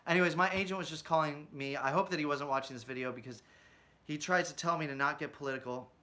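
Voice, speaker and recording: Bright-voiced man ranting about politics. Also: a little high, fast talker. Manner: ranting, asks rhetorical questions, often adds "right?"; mocks opponents with put-on quotes. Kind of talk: political commentary vlog.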